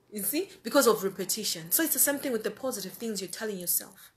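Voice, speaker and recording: Woman, mid-pitched, sincere faith-based motivational speaker, conversational and repetitive for emphasis. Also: animated, fast talker, a little hiss or hum. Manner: earnest, conversational, repeats phrases for emphasis. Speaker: life-planning speaker.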